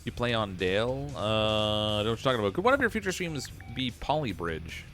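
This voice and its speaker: A man's voice: fairly low pitch, very animated, brisk, a bit bright. A man casually chatting on a live stream while he plays a game, reading viewer comments and rambling with chuckles. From Canada. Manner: easygoing, rambling, with frequent "uh" and chuckles. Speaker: livestreamer playing a car repair game. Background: background music.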